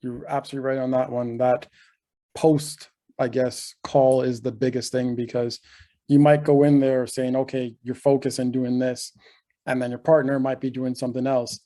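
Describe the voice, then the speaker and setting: A man hosts a casual podcast interview, with a flat, even delivery and a mellow, darker tone. He asks measured follow-up questions and sometimes hunts for words with small fillers. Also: medium pitch. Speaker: podcast host.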